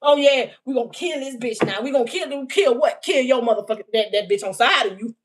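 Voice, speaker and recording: A woman doing an unscripted livestream reading, talking in a heated, profane and mocking way, often laughing, and reading out messages slowly word by word. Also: sits high. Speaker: livestream spiritual reader.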